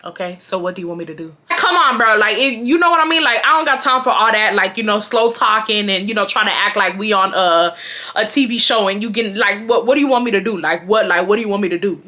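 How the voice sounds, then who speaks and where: Bright-voiced animated young woman. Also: medium pitch, fast. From Houston, Texas. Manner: animated, slangy and emphatic, addresses viewers as y'all. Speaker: YouTuber. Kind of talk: casual storytime vlog.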